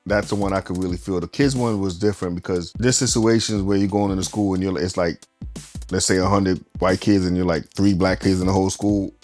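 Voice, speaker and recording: A man's voice: sits low, fairly even intonation, fairly quick, a little mellow, soft background music. A man sharing a personal story in a casual group discussion, retelling it step by step with quoted dialogue. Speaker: panel guest.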